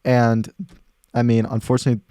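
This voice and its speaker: A young man hosts a laid-back podcast, talking quickly and acting out quotes as he tells stories. His voice is dry and close to the mic, with no room sound around it. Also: mid-range voice, clear, resonant tone, no echo. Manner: animated storyteller, acts out quotes. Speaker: podcast host. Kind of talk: casual podcast chat.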